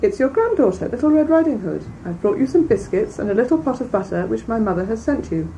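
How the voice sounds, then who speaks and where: A woman voicing an innocent, trusting little village girl in a storybook reading, in a high childlike voice. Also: animated, quick pace, dark tone. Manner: high, wide-eyed childlike voice. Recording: distant mic, faint background noise.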